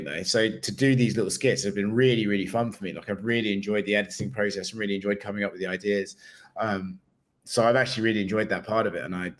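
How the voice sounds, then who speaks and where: A man's voice: on the low side, a bit bright. A man talking as an interview guest in casual chat, with dry, self-mocking humor. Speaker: interview guest, fighter and media reporter.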